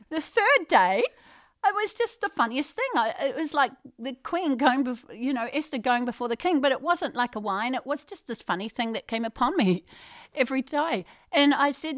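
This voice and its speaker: A woman guest in a casual chat, telling a long story in a bubbly way and laughing often. Her voice sits high, and the recording is close and dry. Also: sing-song, moderate pace, fairly bright tone, dry recording.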